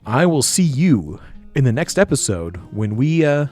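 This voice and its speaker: A man's voice: medium pitch, very animated, measured pace, a little mellow, faint music behind. An American man hosting a let's play, chatting casually over gameplay and laughing easily. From United States. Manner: chatty, giggly and easily amused.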